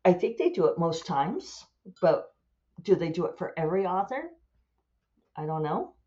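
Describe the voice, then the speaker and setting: A woman's voice: on the low side, big pitch swings, moderate pace, mellow, muffled recording. A woman author chatting casually and rambling, amused at her own asides as she thinks aloud. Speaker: author and podcast host. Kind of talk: casual solo chat.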